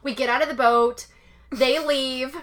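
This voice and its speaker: A woman in her thirties from Southern California, co-hosting a casual chat show and telling an animated story, full of "like" and acted-out quotes. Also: high voice, unhurried. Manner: animated, acts out quotes, frequent "like" and "oh my God". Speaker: podcast co-host.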